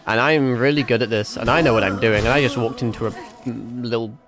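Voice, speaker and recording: A man's voice: medium pitch, fairly even intonation, brisk. Rambling, sweary British-born streamer, a man. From Britain. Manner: rambling, sweary, self-mocking. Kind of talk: casual gameplay commentary.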